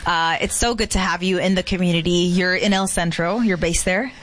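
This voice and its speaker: A woman's voice: fairly low pitch, steady tone, a little fast, fairly bright tone. Friendly woman host asking questions. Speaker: interview host. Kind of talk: casual interview chat.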